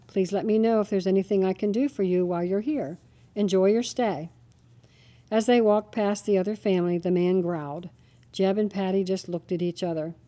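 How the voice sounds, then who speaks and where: A woman reads a devotional story aloud in a steady, scripted narration. Her voice is mellow and dark in tone, sitting at a middle pitch. She gives the characters' lines a light lift without fully acting them.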